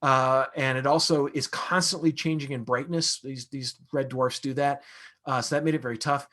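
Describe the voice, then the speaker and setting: A man's voice: mid-range voice, steady tone, moderate pace, bright, forceful tone. A man, an astronomer, answering audience questions in a casual, conversational lecture with frequent fillers and restarts.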